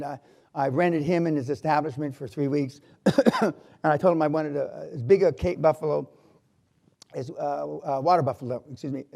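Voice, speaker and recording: An older man giving a live motivational talk in a university hall, telling stories bluntly and with swearing, swinging from loud to quiet. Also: on the high side, gravelly. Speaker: motivational speaker.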